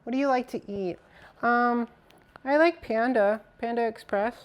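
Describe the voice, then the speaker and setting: On a live stream with lo-fi audio, a woman with a higher-leaning voice assembles a PC at an unhurried pace. She chats casually with her viewers as she works, swearing now and then.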